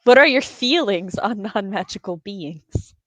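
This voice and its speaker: A woman guest on a live stream, joking playfully in a deadpan way during a casual chat over a video call. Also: medium pitch, a little slow, no echo.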